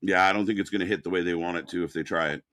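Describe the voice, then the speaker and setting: A man's voice: low voice, steady tone, racing, fairly bright tone, no echo. Man co-hosting with a dry close sound. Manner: agreeable, backs up co-host with short replies, runs chat points contest. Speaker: co-host of a live wrestling watch-along stream. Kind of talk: casual live-stream chat.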